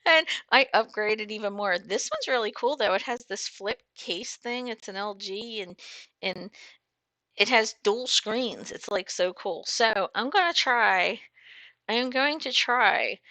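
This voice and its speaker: A woman's voice: a little high, expressive, unhurried, bright, forceful tone, no echo. A woman trucker chatting casually on a livestream, reading viewer comments aloud, bubbly and full of fillers and laughs. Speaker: trucker hosting a live chat.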